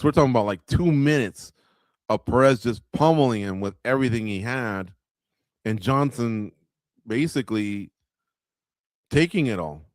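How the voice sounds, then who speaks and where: A medium-pitched man hosts a live watch-along of a fight night, radio-host fashion. He talks through the action in a relaxed, conversational way, speaking to viewers with frequent filler words. The sound is clean studio audio with no echo.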